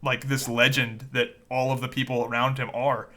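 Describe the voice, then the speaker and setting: A man's voice: medium pitch, level tone, moderate pace, bright, forceful tone. A man co-hosting a podcast in casual chat, loose and profane, rambling through his points with restarts. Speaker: podcast co-host.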